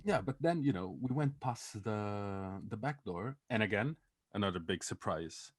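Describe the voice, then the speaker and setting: A husky young man with a fairly low voice and a lively, swinging delivery. He tells a story on a podcast, swears freely, laughs often and acts out what other people said. The recording is dry and close. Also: a little slow, dry recording. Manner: swearing, animated, laughing often, acting out quotes. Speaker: podcast co-host. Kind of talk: casual comedic storytelling.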